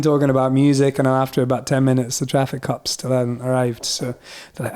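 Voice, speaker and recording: A man's voice: mid-range voice, a little fast, hardly any pauses, clear, resonant tone. A man from Scotland with a mixed Scottish and English accent, telling a story in casual chat and acting out the voices of the people in it. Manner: animated, acts out quoted voices. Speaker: podcast guest musician.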